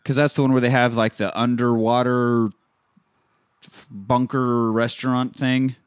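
A man's voice: medium pitch, flat delivery, unhurried, clear, resonant tone, no echo, studio quality. Profane man recapping a film. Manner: profane, recaps scenes, acts out lines. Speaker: podcast host. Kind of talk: casual film recap chat.

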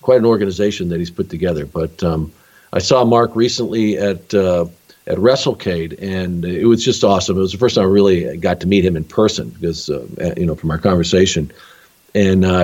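Low easygoing guy hosting a podcast, kinda dull lo-fi sound. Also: fairly quick, a little mellow, husky. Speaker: podcast host. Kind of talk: podcast interview.

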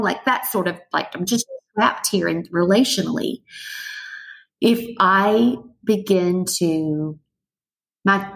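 A middle-aged woman talking thoughtfully in a relaxed conversation, slowing down and showing how breathing works. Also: medium pitch, rough recording. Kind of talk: reflective conversational chat.

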